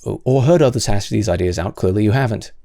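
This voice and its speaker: A man's voice: fairly low pitch, fast, gravelly, warm tone, no echo, studio quality. A man hosting solo commentary, answering comments in an exasperated, sarcastic way with many stammered restarts.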